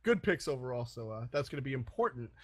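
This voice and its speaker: A man casting an esports match, chatty and quick to laugh, often restarting his sentences. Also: mid-range voice, sing-song, a bit bright, dry recording, clean studio sound. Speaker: esports caster. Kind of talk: play-by-play commentary.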